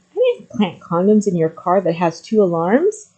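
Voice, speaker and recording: A middle-aged woman talks candidly to the camera in a relaxed, mellow voice. She hesitates with frequent ums, then presses her points emphatically. The recording sounds slightly muffled and lo-fi. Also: medium pitch, moderate pace, slightly rough. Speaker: vlogger sharing personal story. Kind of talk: candid personal talk to camera.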